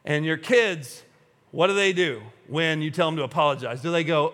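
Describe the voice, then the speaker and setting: A man preaching a sermon to a congregation in a church, animated and humorous, acting out everyday scenes. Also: a little high, normal speed. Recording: long hall reverb.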